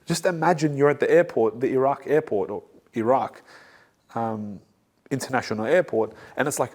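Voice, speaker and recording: A man's voice: medium pitch, moderate pace, darkish tone. A man, a reverend hosting his own talk show, speaking casually and animatedly, often repeating his points for emphasis and mixing in jokes. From Assyrian community.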